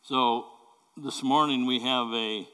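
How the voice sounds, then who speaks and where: A man preaches in a bright, ringing tone, earnest and halting, circling back over his words as he makes his point. His voice trails off into the long echo of a big hall. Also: medium pitch, steady tone, clear, resonant tone. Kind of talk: sermon. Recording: long reverb of a large hall.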